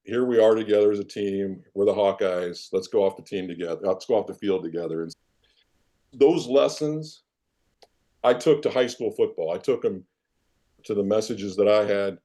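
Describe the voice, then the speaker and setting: Mellow-voiced man telling sports stories. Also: lowish voice, moderate pace. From Iowa, United States. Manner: animated, self-deprecating anecdotes. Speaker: interview guest, former football player and coach. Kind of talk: casual storytelling in a podcast interview.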